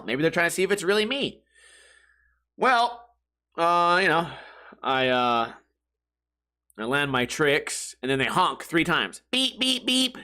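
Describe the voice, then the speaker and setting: A man's voice: fairly high pitch, pushed and bright. A man hosting a podcast, telling a crude, rambling comedic story and laughing at his own jokes. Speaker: podcast host. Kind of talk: casual comedic monologue.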